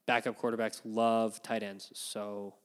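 A man in a casual fantasy football chat, opinionated and animated, with filler ums and yawns between points. His voice is smooth and resonant, and it carries a long reverb. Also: on the low side, a little slow. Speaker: fantasy football podcast host. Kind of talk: casual sports analysis chat.

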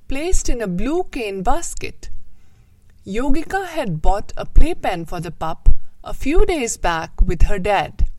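Woman host reading a storybook aloud: slow, lilting, dry close sound. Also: mid-range voice, no room sound, poor audio. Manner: slow, expressive, gently moralizing. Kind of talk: storybook reading with a moral talk.

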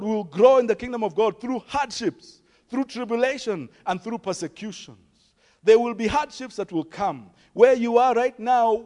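Kenyan man preaching, high voice, reverberant hall, rising and falling emphasis. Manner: preaching with emphatic rises and soft drops, storytelling. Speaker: pastor. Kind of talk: sermon.

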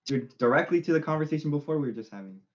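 A man's voice: on the high side, lively intonation, racing, a little hiss or hum. Young man, slightly dull recording. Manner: rambling, repeats words, quotes friends. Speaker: podcast guest. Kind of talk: casual chat.

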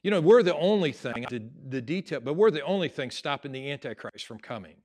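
A man preaching a sermon, conversational at times and rising to loud, emphatic stretches. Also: on the high side, lively intonation, a little fast. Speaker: pastor.

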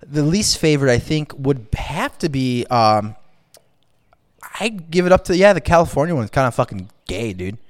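A man co-hosting a podcast, talking casually, rambling and excitable with lots of swearing. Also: medium pitch, normal speed, no room sound. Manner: rambling, excitable, profane, tries impressions. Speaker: podcast co-host. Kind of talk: casual crude chat.

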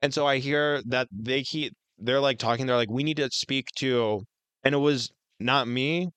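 Brief: male podcast co-host, casual rambling storyteller, smooth voice, dry close mic. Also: medium pitch, moderate pace, a bit bright, dry recording. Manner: rambling, heavy on fillers and swearing.

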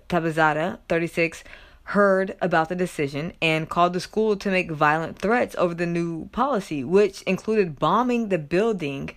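A woman giving chatty commentary on a news story, full of fillers and reading quotes aloud. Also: on the low side. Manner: chatty, filler-heavy, loud animated quotes and laughter. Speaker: commentary vlogger.

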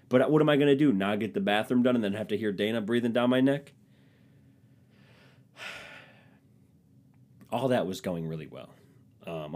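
Low-voiced, rambling, self-mocking podcast man. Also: a little mellow. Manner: rambling, self-deprecating, profane. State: stuffed, runny nose. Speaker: podcast host. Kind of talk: comedic solo podcast monologue.

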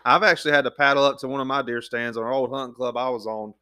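A man's voice: mid-range voice, fairly even intonation, quick pace, sharp tone, smooth. A man hosting a podcast, folksy and eager in a casual chat. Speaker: podcast host.

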